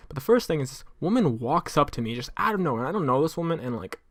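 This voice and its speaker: A man's voice: on the high side, very animated, quick pace, no echo. A young man co-hosting a podcast, telling stories in a rambling, casual way with lots of fillers. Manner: rambling storyteller, full of fillers, laughs while telling. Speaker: podcast co-host.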